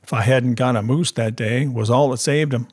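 A man reading aloud voices a slow, plain-spoken Klondike dog-musher with dry humor and a husky tone. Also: medium pitch, fairly even intonation, darkish tone, natural voice.

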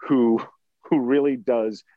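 A man's voice: mid-range voice, fairly even intonation, takes it slowly, no echo. A man in his forties on a casual film discussion podcast, building long points with restarts. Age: 40s. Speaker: podcast co-host. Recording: dull lo-fi sound.

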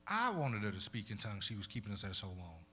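A male pastor preaching a sermon, moving between loud preaching and soft conversational storytelling and repeating phrases for emphasis. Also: on the low side, very animated, quick pace, slight background noise. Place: church.

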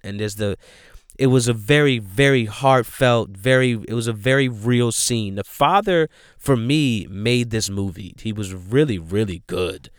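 A man hosting a casual movie review chat, emphatic and profane, breaking into loud outrage. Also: on the low side, measured pace, smooth, no echo, clean studio sound. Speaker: podcast host reviewing movies.

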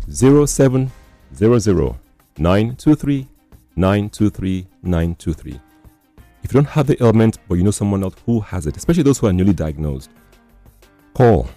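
A man hosting a radio health talk show, speaking in a measured way and often repeating and summing up his guest's points. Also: fairly low pitch, warm tone, no echo. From Nigeria. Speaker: radio host.

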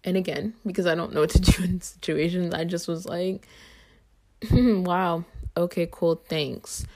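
A woman's voice: fairly low pitch, steady tone, moderate pace, a little mellow. Chatty young woman podcast host. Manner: chatty, lots of "like" and "um" fillers. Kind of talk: casual storytelling monologue.

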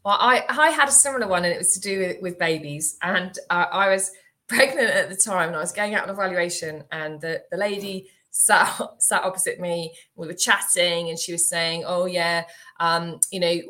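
A woman's voice: fairly low pitch, moderate pace. A middle-aged woman, a rural estate agent hosting a casual podcast chat, telling anecdotes and laughing as she talks. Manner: warm storyteller, laughs often while talking.

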